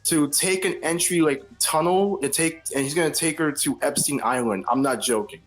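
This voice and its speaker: A man's voice: a little high, normal speed, faint music behind. Blunt man explaining stream drama. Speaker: stream co-host. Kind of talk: casual commentary stream chat.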